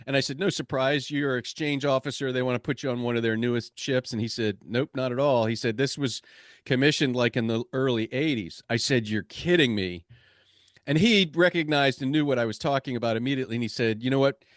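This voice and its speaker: A man's voice: mid-range voice, fairly even intonation, fast, no room sound. Man, American accent, podcast host, chatty and casual, dry sound. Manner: storytelling, casual with fillers. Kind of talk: conversational podcast interview.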